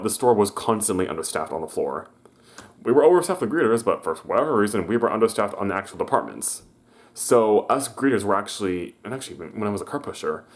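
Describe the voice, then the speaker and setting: A young vlogger with a fairly low-pitched voice tells a story in a casual vlog, rambling with many restarts and stammers. He acts out the people he quotes in a raised voice.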